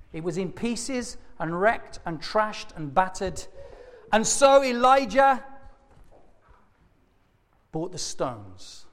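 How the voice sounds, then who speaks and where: High lively preacher guy, slow, takes little chuckling asides, echoey church. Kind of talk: sermon retelling a Bible story.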